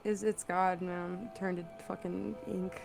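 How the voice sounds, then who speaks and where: A woman's voice: lowish voice, level tone, unhurried, vocal fry, a little mellow, faint music behind. A woman playing a tabletop game, talking casually and bluntly with frequent swearing. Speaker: player.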